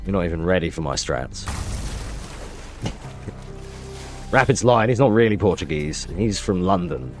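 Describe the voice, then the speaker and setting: A man's voice: low voice, animated, unhurried, long pauses, faint music behind. A man streaming live gameplay, joking with his chat and explaining his moves as he plays.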